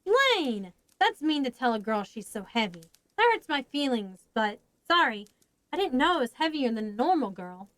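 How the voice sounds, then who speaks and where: A woman's voice: a little high, sing-song, moderate pace, fairly bright tone, dry recording. A woman voicing an earnest young monster girl in a storybook reading, speaking eagerly.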